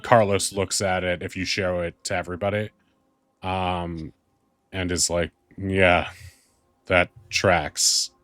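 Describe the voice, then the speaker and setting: A man's voice: deep voice, flat delivery, normal speed, no echo. A man narrating as game master, rambling and thoughtful with many fillers.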